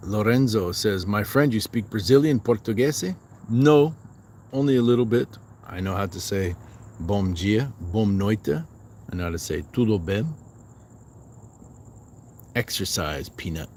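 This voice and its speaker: A man's voice: fairly low pitch, lively intonation, a little slow, pauses often, darkish tone, slight background noise. A man hosting a fitness livestream, chatting casually outdoors at night while resting on a walk and reading viewer comments aloud.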